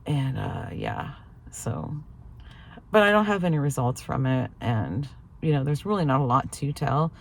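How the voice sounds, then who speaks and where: Casual lady vlogger, deep for a woman, rambly storytelling, lots of "i'm like". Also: very animated, unhurried, vocal fry. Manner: chatty storytelling, acts out quoted lines, laughs often. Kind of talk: casual chat to camera.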